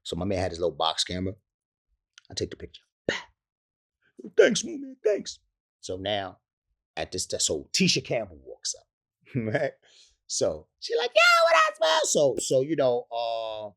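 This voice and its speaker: Slangy man spinning a lively story. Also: fairly low pitch, moderate pace. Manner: slangy, acts out other people's voices in quotes. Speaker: rapper interview guest. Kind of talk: animated storytelling anecdote.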